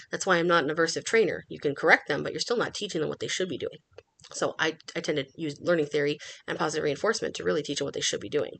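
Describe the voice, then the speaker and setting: A middle-aged woman hosting a dog-training podcast, explaining methods in an instructional tone and acting out the dogs' thoughts in a playful voice. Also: vocal fry. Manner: animated, acts out dog thoughts in a high playful voice.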